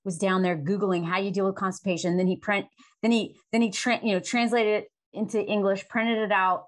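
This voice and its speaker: A woman's voice: medium pitch, little pitch movement, fairly quick. A woman in her forties talking frankly as an interview guest, laughing often and swearing casually. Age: 40s. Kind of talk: candid conversational interview.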